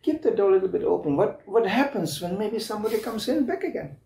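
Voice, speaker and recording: A man's voice: high voice, animated, quick pace, creaky, mellow, recorded from a distance, a little hiss or hum. A man in his fifties giving an anecdotal spiritual lecture, telling stories, laughing often and restarting his sentences. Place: club lecture room. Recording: roomy hall echo.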